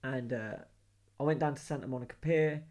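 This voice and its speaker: A man with a London accent, co-hosting a podcast, telling animated, slangy travel stories in casual chat. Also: medium pitch, brisk. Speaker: podcast co-host.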